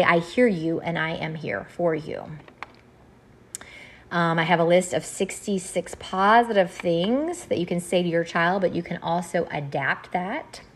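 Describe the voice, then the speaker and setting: Husky-voiced woman gently teaching. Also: lowish voice. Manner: gentle, earnest, explanatory. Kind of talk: reading and explaining graphics.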